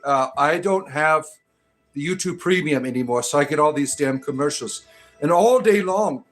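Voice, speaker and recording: A man hosting a casual live stream, rambling and joking as he greets viewers by name. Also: a little high.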